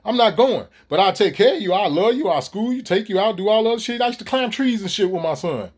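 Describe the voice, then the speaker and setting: A man's voice: sits high, expressive, fast talker, a little mellow. A middle-aged man, ranting profanely and animatedly straight to his viewers in a casual vlog. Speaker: vlogger. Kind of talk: casual ranting monologue to camera.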